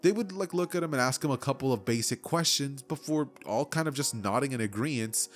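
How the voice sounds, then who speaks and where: A man's voice: mid-range voice, brisk. A man casually narrating a fan-made story in a loose, chatty way with lots of fillers.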